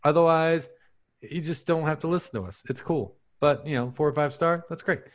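A man's voice: a little high, moderate pace. A man hosting a comedy podcast, doing a breezy, jokey outro with plugs and sign-offs. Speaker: podcast host.

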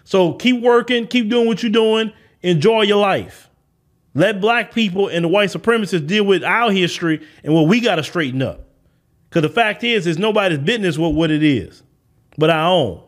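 Guy with a pretty high voice ranting on his podcast, blunt, repeats himself for emphasis. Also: expressive, normal speed. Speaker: podcast host. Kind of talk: opinion monologue.

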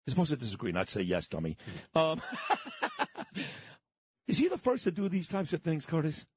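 A man's voice: on the high side, huge pitch swings, normal speed, slightly rough, dry recording. A middle-aged man hosting talk radio, brash and teasing, swearing freely and cutting in on his guest. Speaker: radio host.

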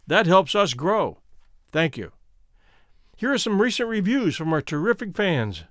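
Animated male storyteller, dry close mic. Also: high-pitched, no room sound. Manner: expressive, animated reading. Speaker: host and storyteller. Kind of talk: scripted narration.

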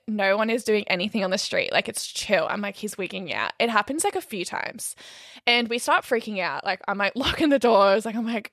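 A young woman, co-hosting a podcast and telling a story in a casual, animated way, swearing freely and saying "like" a lot. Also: mid-range voice, gravelly, no room sound, clean studio sound. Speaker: podcast co-host.

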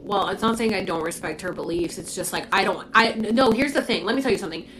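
A woman's voice: medium pitch, fast, fairly bright tone, soft background music, poor audio. A young woman hosting a live stream from her phone at home, talking firmly and lecturing, repeating her points. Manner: firm, lecturing, repeats herself. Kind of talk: casual live-stream chat.

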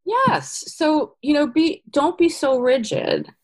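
Woman, middle-aged, casting director, casual interview, lively storytelling, quotes acted out. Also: high-pitched, takes it slowly. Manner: animated storyteller, acts out quotes.

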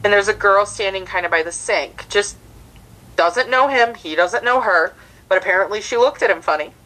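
A woman's voice: mid-range voice, normal speed, low-quality recording. A young woman from the United States, a comedian, telling a story in casual podcast chat and acting out the people in it. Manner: animated, acts out the people in her story. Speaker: comedian guest.

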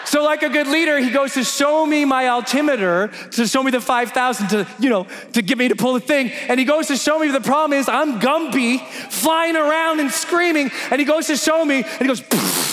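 A man telling a story as a motivational speaker, animated and acting out scenes with shouts and sound effects, presenting to an audience with slides. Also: extremely high pitch, a little fast, few pauses. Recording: roomy hall reverb with faint noise.

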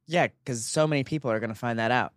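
A man's voice: medium pitch, fast talker, clean tone, dry recording. A man co-hosting a podcast, chatting casually and playfully, thinking aloud and laughing easily. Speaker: podcast co-host. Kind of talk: casual chat.

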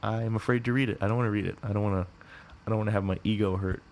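A man's voice: fairly low pitch, fairly even intonation, racing, creaky, a little mellow, slight background noise. A man in his twenties hosting a podcast in a rambling, repetitive monologue, often swearing and restarting his sentences. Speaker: podcast host.

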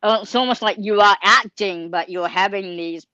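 A woman's voice: mid-range voice, normal speed, pushed and bright, no room sound. Earnest young woman, fillers galore. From Australia. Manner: earnest, heavy on fillers like um, like and you know. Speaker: actor being interviewed. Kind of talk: casual anecdote telling. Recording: slightly dull lo-fi sound.

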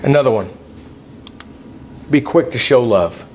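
In church, a male preacher with an expressive, darkish mid-range voice gives a slightly slow, conversational sermon, calling the congregation "folks." His manner is folksy, and he reads scripture aloud in King James wording, over slight background noise.

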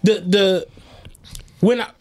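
A man co-hosting a podcast, telling animated stories in casual, profane chat and acting out what people said. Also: high voice, takes it slowly, dry recording. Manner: animated storytelling, profane, acts out quotes. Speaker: podcast co-host.

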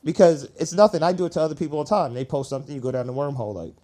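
A man's voice: on the high side, rapid-fire. Easygoing podcast host man. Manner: relaxed, conversational, keeps checking in with the listener. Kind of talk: casual chat.

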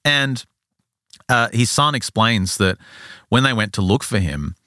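A man hosting a podcast, telling a story in a casual, animated way and acting out the characters' lines. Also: on the low side, measured pace, no echo, studio quality.

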